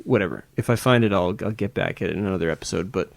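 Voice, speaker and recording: Rambling low-voiced man on a podcast. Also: very fast, gravelly, no room sound. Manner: rambling, searching for words with many restarts. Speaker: podcast co-host. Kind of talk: casual chat.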